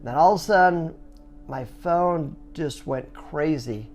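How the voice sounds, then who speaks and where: A man's voice: on the high side, takes it slowly, highs cut off. Chatty middle-aged man telling a story. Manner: chatty, full of "you know" fillers and restarts; animated, acts out sounds and reactions. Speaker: skateboard business owner. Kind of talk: casual storytelling.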